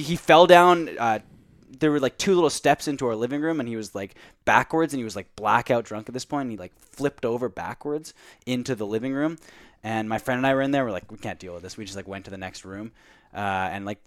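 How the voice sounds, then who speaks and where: A man's voice: mid-range voice, no room sound, clean studio sound. A young man in his twenties, a podcast co-host, telling a long anecdote in casual chat, with lots of "like" and "uh".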